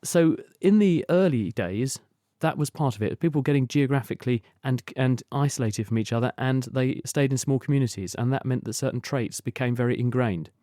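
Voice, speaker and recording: A man's voice: mid-range voice, fairly quick, few pauses, dark tone, dry recording, studio quality. A man who is a science expert, fluently explaining answers to listeners' questions on a radio call-in show.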